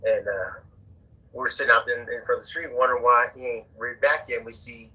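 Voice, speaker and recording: A man with a husky, raspy voice that still cuts through bright and sharp. He talks loosely and profanely in a casual interview, circling back and repeating words as he goes. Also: medium pitch, steady tone, brisk, poor audio. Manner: profane, rambling, repeats words while searching. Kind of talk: casual spoken storytelling.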